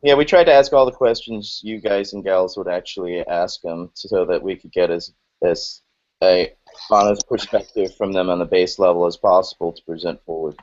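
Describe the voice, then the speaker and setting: Lower-voiced man asking halting questions. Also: fairly even intonation, darkish tone. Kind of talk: casual chat. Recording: lo-fi call audio.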